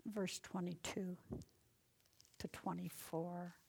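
Woman teaching scripture in soft asides. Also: on the low side, little pitch movement, takes it slowly, gravelly, slight background noise. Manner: reads verses aloud with loud emphasis, then drops to soft, near-whispered asides; conversational and folksy, with rhetorical questions. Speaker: Bible study teacher. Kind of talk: informal Bible study teaching.

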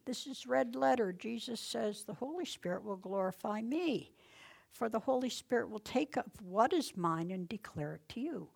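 A woman with a gravelly, husky mid-range voice leads a casual Bible study at a normal, expressive pace. She reads verses aloud with loud emphasis, then slips into soft, near-whispered asides. Her folksy, conversational commentary is sprinkled with rhetorical questions.

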